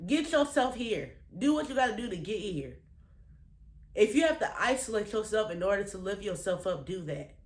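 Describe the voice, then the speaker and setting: A woman's voice: mid-range voice, expressive, a little fast. Emphatic, emotional woman vlogger, echoey room. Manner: emphatic, blunt and profane, repeating phrases for weight; earnest and emotional, holding back tears. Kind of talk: heartfelt motivational talk to camera.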